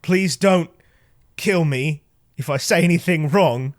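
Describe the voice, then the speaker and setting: A man co-hosting a podcast, chatting casually about movies, animated and full of stumbling restarts. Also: on the high side, slow, no echo, studio quality. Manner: animated, stumbling restarts, quotes people in voices. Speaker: podcast co-host.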